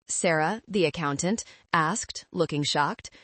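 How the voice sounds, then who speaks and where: A woman with a low voice reads a first-person story in a measured, calm manner. The recording is close and completely dry. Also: no echo. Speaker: narrator. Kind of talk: scripted first-person narration.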